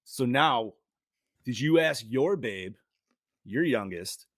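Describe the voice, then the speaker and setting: A man co-hosting a podcast, chatting casually with quick reactions and a lot of laughter. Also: medium pitch, lively intonation, a bit bright, no room sound, clean studio sound. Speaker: podcast co-host. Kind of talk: casual chat.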